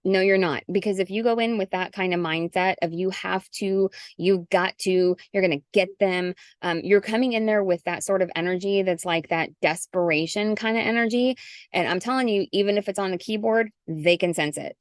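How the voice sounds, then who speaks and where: Brief: middle-aged woman sales coach, chatty and animated, dry close video-call mic. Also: medium pitch, moderate pace, no room sound. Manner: chatty, animated, acts out sample messages. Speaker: guest coach. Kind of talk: casual zoom call.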